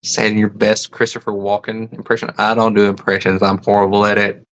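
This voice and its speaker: A man's voice: lowish voice, monotone, brisk, fairly bright tone, dull audio. A man hosting a casual livestream, reading chat comments aloud and musing over them. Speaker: host.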